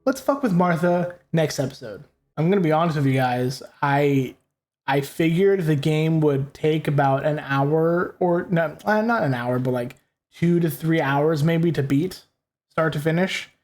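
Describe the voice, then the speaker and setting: A man's voice: on the high side, a little slow, a little mellow. A young man casually commentating on a game he is playing, rambling and swearing freely. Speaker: gaming host. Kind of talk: let's play commentary.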